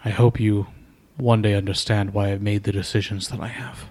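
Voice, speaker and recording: A man voicing an old noble father and royal counselor, grave, measured and coldly pragmatic. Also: lowish voice, level tone, a little mellow, natural voice.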